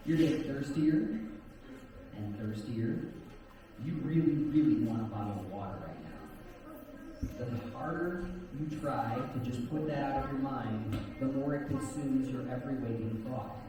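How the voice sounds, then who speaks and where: A man performing as a stage hypnotist, talking in slow soothing induction patter and teasing the volunteers between suggestions. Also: mid-range voice, expressive, mellow. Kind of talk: live stage hypnosis show. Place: stage at a campground event. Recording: echoey hall, from far off, crowd audible. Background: audience laughing.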